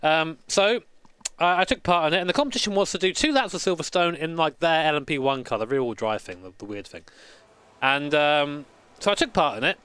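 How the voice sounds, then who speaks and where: A man's voice: fairly high pitch, lively intonation, a little fast, fairly bright tone, clean tone, no echo. A man in his late twenties, a sim racing streamer chatting casually with swearing and rambling stories. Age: late 20s. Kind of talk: casual live-stream chat.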